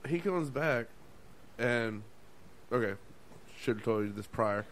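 A man's voice: medium pitch, expressive, slow pace. A man spins a restaurant story for his podcast co-hosts in loose, profane casual chat. He laughs often and acts out every quote. A faint bed of noise sits under the voice. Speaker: podcast co-host.

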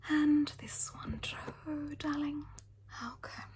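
A man's voice: very high voice, completely flat delivery, slow, a little mellow, slight background noise, pitched above the performer's own voice. A man voicing a rich, fussy Australian mother in a whispered role-play, doing someone's lashes with frank backhanded compliments. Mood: doting. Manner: breathy whisper, calls everyone darling, frank backhanded compliments. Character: rich doting Australian mum, blunt and fussy. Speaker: lash artist character.

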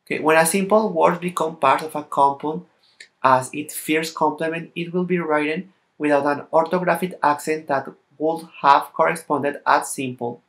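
A man with a Latin American Spanish accent, a native Spanish speaker, gives a language lesson in somewhat halting English and carefully sounds out example words one by one. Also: a little high, steady tone, fairly bright tone. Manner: slightly halting non-native English phrasing. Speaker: language teacher.

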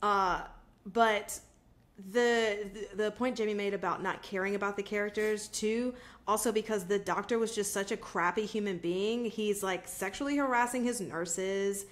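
A woman co-hosting a podcast in casual chat, agreeable and halting with frequent restarts. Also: medium pitch. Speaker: podcast co-host.

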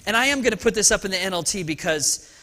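A man preaching an Easter sermon as pastor of a church service, talking in a lively, conversational way with frequent restarts and asides. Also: high-pitched, fast talker.

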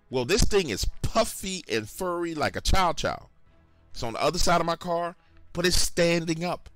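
A man narrates a first-person horror encounter, his pitch rising and dropping with plenty of life. He keeps it casual and chatty and talks right to the audience. Faint music plays underneath. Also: a bit bright, no room sound. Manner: casual, conversational, addresses listeners directly. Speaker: storyteller.

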